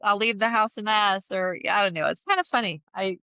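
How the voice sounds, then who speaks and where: A woman's voice: medium pitch, fairly quick, pushed and bright, clear, resonant tone, no echo, muffled recording. A woman guest talking openly in an interview, chatty, laughing often and restarting her sentences. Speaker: podcast guest. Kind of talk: candid conversational interview.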